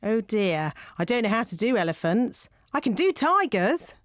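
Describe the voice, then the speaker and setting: A woman's voice: fairly high pitch, very animated, moderate pace. A chirpy cartoon rabbit lady. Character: busy, cheerful woman rabbit.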